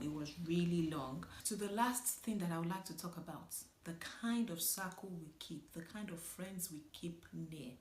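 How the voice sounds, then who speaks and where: A woman's voice: lowish voice, slight background noise. A woman from Nigeria giving a casual, candid spoken movie review, chatting directly to viewers and laughing often. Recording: echoey room.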